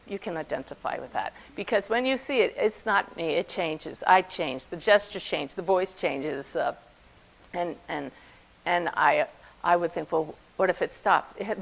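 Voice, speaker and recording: A woman's voice: fairly low pitch, normal speed, vocal fry, poor audio. A woman, a spiritual medium, telling a personal story to an audience and acting out the voices in it. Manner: lively storyteller who acts out quoted voices. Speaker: spiritual medium giving a talk.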